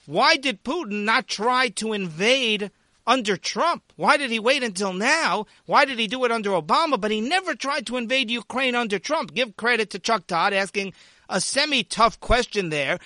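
A man's voice: very high-pitched, lively intonation, moderate pace, pushed and bright, no echo, clean studio sound. A man hosting a political commentary show, delivering an opinion monologue in an indignant, sarcastic manner with mocking asides.

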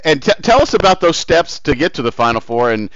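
Halting male interviewer, dull dry audio. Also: on the high side, sing-song, fairly bright tone, no echo. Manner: halting, stacks up rephrased questions. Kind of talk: casual interview questions.

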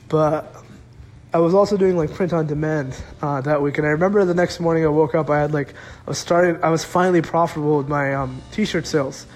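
Rambling young man, slightly high voice. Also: darkish tone. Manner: rambling, loose, full of "like" fillers. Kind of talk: casual personal storytelling.

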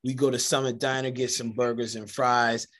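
A man hosting a casual conversation, telling animated stories and acting out the voices of people in them. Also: mid-range voice, moderate pace, background noise. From United States, Jamaican family. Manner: animated storyteller, acts out quoted voices. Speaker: podcast host.

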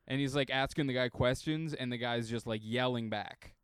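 A man's voice: mid-range voice, moderate pace, fairly bright tone, smooth, dry recording, clean studio sound. A man co-hosting a comedy podcast, telling stories in casual chat and acting out quotes. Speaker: podcast co-host.

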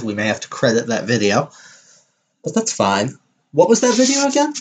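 A woman's voice: very deep voice, darkish tone, slight background noise. A young woman hosting a casual podcast from her bedroom on a stand mic with a pop filter, rambling and self-deprecating. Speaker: podcast host. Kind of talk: casual chat. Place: her bedroom, home setup. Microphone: stand-mounted mic with pop filter.

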